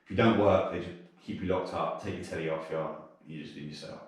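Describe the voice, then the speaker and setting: South London man, guest on a casual chat show: rough, sweary, animated storyteller with bursts of laughter, recorded off-mic in a very echoey room. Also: sits low, fast, distant mic. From South London, England. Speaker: podcast guest.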